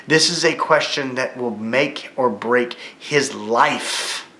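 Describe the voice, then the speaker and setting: Man teaching a lively Bible lesson. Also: medium pitch, takes it slowly. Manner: vivid retelling, rising excitedly at key moments. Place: church room. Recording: echoey room.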